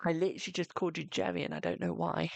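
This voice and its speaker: A British man with a gravelly, creaky voice, chatting casually on a live stream. He is talkative and self-mocking and swears now and then. The sound is dry and close, with no room echo. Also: on the high side, little pitch movement, fast talker. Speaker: tarot reader and live streamer.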